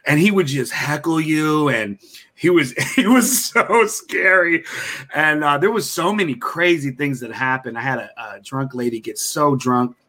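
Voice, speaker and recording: A man trades stories as a comedian guest on a podcast, animated and often laughing as he talks. His voice sits a little high with a bright, forceful edge. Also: measured pace. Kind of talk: storytelling in a podcast interview.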